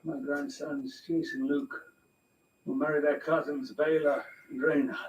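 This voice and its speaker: An actor playing an elderly nobleman who gives formal toasts in a measured way. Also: fairly high pitch, fairly even intonation, dull audio. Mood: ceremonial. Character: elderly nobleman lord, stately and proud. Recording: faint, distant show audio with noise.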